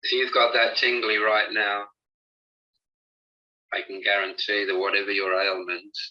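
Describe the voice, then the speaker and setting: A man teaching a spiritual healing practice, giving slow, reassuring, instructive guidance. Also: lowish voice, level tone, bright, forceful tone, lo-fi sound. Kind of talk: guided healing session and talk.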